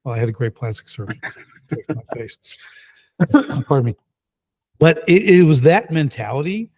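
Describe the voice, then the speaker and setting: A middle-aged man, a podcast guest, telling his story in a casual, lively and emphatic way. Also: a little high, moderate pace. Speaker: guest entrepreneur.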